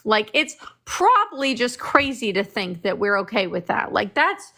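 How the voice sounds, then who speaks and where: Bright-voiced indignant woman debating. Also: mid-range voice, animated. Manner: indignant, emphatic, quick rhetorical questions. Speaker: debate participant. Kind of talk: heated debate.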